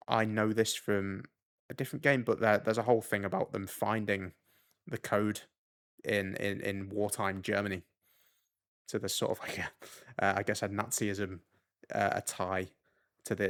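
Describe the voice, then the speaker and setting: A man's voice: mid-range voice, creaky. A man giving casual gameplay commentary as a let's play host, muttering his moves to himself, upbeat, with the odd swear.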